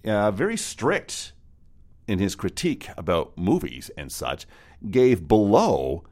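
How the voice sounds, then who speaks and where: A man's voice: lowish voice, wildly swooping pitch, a little mellow. A man hosting a morning radio show in a studio, joking with his co-host and reading the traffic. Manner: jokey, then brisk reading of the traffic.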